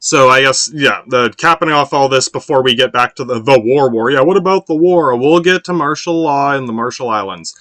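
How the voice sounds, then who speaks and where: A man hosting a podcast, rambling in a casual monologue, swearing often and filling every pause with "yeah". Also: medium pitch, bright, forceful tone, no echo, studio quality. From United States. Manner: meandering, profane, constant "yeah" fillers. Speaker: podcast host.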